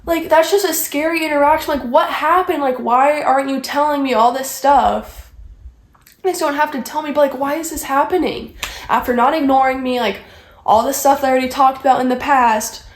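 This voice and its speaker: A young woman vlogger chats through a story in a high voice, rambling and leaning on "like" between phrases. The room around her is echoey. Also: a little fast. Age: young adult. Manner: rambling, heavy use of "like". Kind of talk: casual storytime chat.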